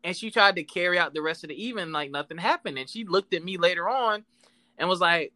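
A man's voice: sits high, lively intonation, fast talker, pushed and bright, no echo. A man co-hosting a casual talk about relationships, candid and profane, telling stories with laughs.

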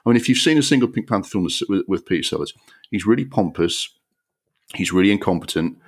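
A man's voice: deep voice, animated, fast, slightly rough. A man hosting a podcast, giving an exasperated, sweary and sarcastic film review rant. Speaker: podcast host.

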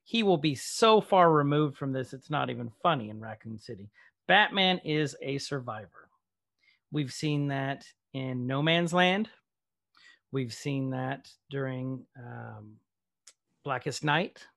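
A man co-hosting a podcast in casual chat, animated and playful, laughing often. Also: medium pitch, slow pace, gravelly. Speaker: podcast co-host.

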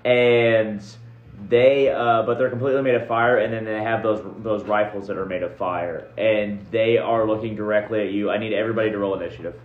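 A man narrating a tabletop game as game master, halting and restarting often. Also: on the low side, fairly even intonation. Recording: roomy, dull lo-fi recording.

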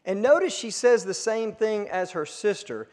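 A male pastor preaching a sermon, earnest and emphatic at peaks, then dropping to a hush. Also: high voice, lively intonation, normal speed. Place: church sanctuary. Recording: long reverb of a church hall.

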